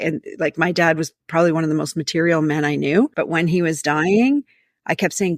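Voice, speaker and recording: A woman's voice: deep voice, a little fast, no room sound, studio quality. Emphatic woman coach telling stories. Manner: animated storyteller, advice-giving, emphatic. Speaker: leadership coach, guest. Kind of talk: conversational podcast interview.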